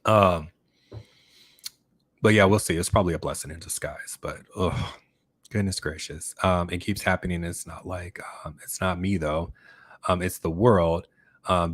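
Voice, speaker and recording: A man's voice: low voice, animated, normal speed. A man hosting a casual livestream chat, rambling with many fillers and restarts as he reads viewer comments. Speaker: YouTube channel host.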